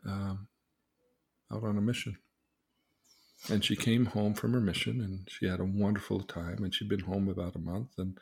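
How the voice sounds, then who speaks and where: A man, a therapist, telling a client's story in casual conversation and acting out the quoted lines. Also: creaky. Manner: animated, acts out quoted dialogue with rising pitch. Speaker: therapist, podcast host.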